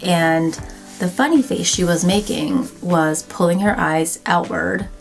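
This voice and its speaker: A woman's voice: fairly low pitch, fairly even intonation, a little slow, creaky, faint music behind. A woman in her thirties talking casually to camera, conversational and wry, with plenty of "like" fillers. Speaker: vlogger.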